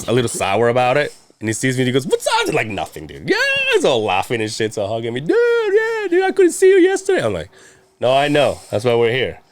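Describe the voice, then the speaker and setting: A man's voice: on the low side, no room sound. Man, 30s, casual rambling storyteller, profane, does voices, dry recording. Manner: rambling, profane, quotes people in animated voices. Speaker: podcast guest telling a story.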